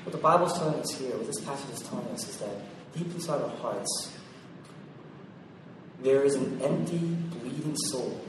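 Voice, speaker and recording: A man preaching a sermon, swinging from loud emphasis to hushed quiet. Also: a little high. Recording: very echoey, distant mic, faint noise.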